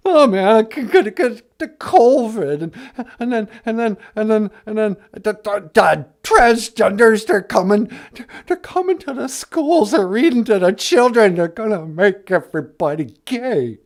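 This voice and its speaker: A man's voice: high voice, expressive, measured pace, pitched below the performer's own voice. A man voicing a nervous, whiny male lion on a puppet comedy podcast, stammering in a panic. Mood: panicky.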